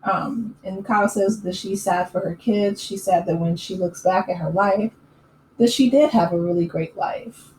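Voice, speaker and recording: A woman talks through a reality show recap in a loose, opinionated way, filling pauses with fillers and breaking into quick laughs. Her voice sits at an ordinary middle pitch. She is recorded in an echoey room with a faint hum of ambient noise behind her. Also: a little mellow. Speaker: YouTube recap host.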